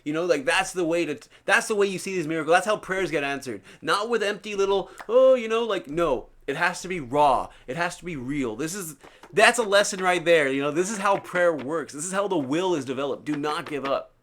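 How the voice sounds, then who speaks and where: A man's voice: a little high, lively intonation, a little fast, a bit bright. A man live-streaming, talking casually and earnestly, preaching about a book he reads to his viewers.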